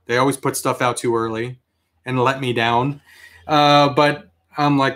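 A man hosting a toy collecting show, telling stories in a casual, chatty way, with animated reactions when he quotes himself. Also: mid-range voice, a little slow. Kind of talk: casual live-stream chat.

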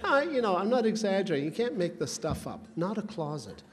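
A man's voice: high-pitched, sing-song, brisk. A man telling rambling, folksy comic stories as a roaster at a charity roast, teasing the guest of honor. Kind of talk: comedic roast storytelling. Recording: long hall reverb, faint room noise.

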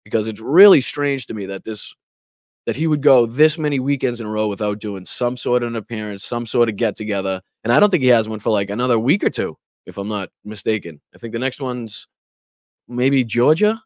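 Talking straight to his chat on a laid-back political livestream, he laughs a lot and swears when annoyed. The medium-pitched voice is lively in intonation and a little fast, captured cleanly in a studio with no room sound.

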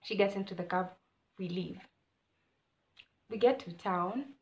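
A young woman telling a story as a vlogger, animated, swinging between loud exclamations and low mutters. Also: a little slow. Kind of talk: casual storytime narration. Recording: echoey room.

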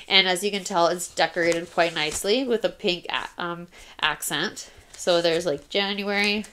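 Her voice is lowish and sharp-toned, delivered at a normal pace, with a little hiss or hum on the recording. A young woman vlogging about her planner, she narrates casually and apologetically, drifting off mid-thought before picking back up.

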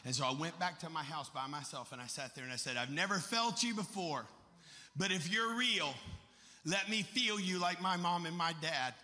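A middle-aged man preaching a fervent sermon as pastor, rising to shouts at his high points. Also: normal speed. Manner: impassioned preaching, shouting at climaxes. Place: large church. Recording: echoey church hall.

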